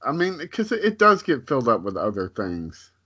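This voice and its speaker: A man's voice: medium pitch, wildly swooping pitch, moderate pace, pushed and bright, husky, no room sound, dull audio. A man co-hosting a casual chat in a laid-back way, giving short replies and laughing along.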